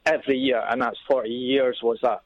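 A man's voice: medium pitch, little pitch movement, fairly quick, no echo, muffled recording. A man with a Scottish accent who has called in to a radio show and chats in a rambling, hesitant way, full of asides. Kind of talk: casual radio chat.

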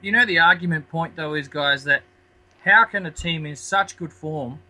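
A very bright, slightly high Australian man in a casual sports chat. He argues a point, circling back with restarts before getting it out. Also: normal speed, rough recording. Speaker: podcast co-host.

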